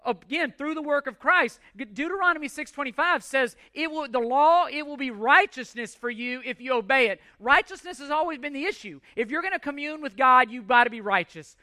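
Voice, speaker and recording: A man's voice: very high voice, expressive, a little fast, hardly any pauses, pushed and bright, no echo, clean studio sound. A man in his forties preaching a sermon in an emphatic way, asking rhetorical questions and repeating words as he works through his points. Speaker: pastor.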